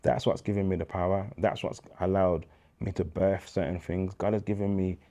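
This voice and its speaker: This is a man with a Birmingham accent whose voice sits very low and sounds dark and mellow. He talks in a relaxed, casual interview manner, but his storytelling turns lively and preacher-like, full of slang. He comes across as a man in his thirties. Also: normal speed. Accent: Birmingham English. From England. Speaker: guest, charity founder.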